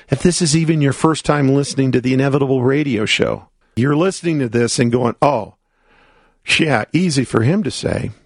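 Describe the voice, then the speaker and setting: A man's voice: mid-range voice, gravelly, no echo, studio quality. A man who hosts a motivational coaching radio show. He talks emphatically and asks rhetorical questions, and he acts out his clients' doubts.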